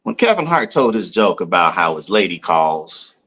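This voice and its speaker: A man's voice: low-pitched, very animated, normal speed, pushed and bright, husky. A man co-hosting a casual podcast, giving laid-back advice and joking as he talks. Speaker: podcast co-host. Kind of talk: casual chat.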